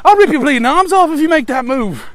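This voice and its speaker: A man putting on a loud Cockney accent to voice Chewbacca, the Wookiee co-pilot, as a brash, yelling brute. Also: very high-pitched, expressive, fast, pitched above the performer's own voice. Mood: threatening. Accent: Cockney put-on. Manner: yelling, threatening.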